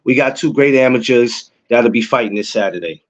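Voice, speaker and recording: A young adult man, hosting a casual livestream podcast and talking to viewers in chat. He is excitable and repeats himself a lot. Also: medium pitch, a little fast, dull audio. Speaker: podcast host.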